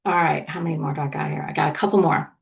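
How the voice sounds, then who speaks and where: A woman's voice: deep voice, steady tone, fast, vocal fry, a little hiss or hum. A middle-aged woman, a leadership coach and podcast host, teaching in an earnest, encouraging conversational monologue and often checking in with "right?".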